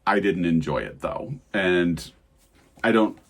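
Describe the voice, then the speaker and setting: Low-voiced man chatting about books. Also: lively intonation, slow pace. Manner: chatty, detailed summarizing with frank opinions. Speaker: book channel co-host. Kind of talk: casual book review chat.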